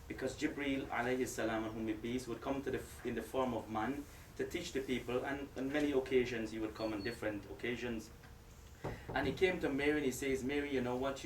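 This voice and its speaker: A man's voice: mid-range voice, a little hiss or hum. Joking male preacher in an echoey hall. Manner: joking, addresses the audience directly. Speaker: Islamic preacher. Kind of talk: lively lecture to a live audience. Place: lecture hall with audience. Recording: echoey hall, distant mic.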